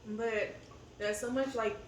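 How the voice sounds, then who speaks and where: A woman with a slightly high, steady voice speaks slowly, venting candidly and rambling with fillers while chatting over a meal as co-host of a family eating channel. She is recorded from a distance by a camera in a roomy space with echo and a faint ambient hum.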